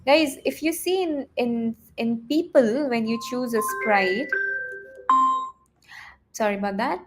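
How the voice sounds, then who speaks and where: A woman's voice: on the high side, takes it slowly, slight background noise. Chatty woman teaching a live coding lesson. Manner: chatty, thinks aloud with many fillers and restarts.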